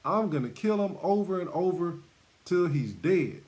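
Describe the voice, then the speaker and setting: A vengeful grown man spits out blunt, emphatic threats against his brother, voiced by a male preacher. His pitch jumps around and stays lively throughout. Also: normal speed.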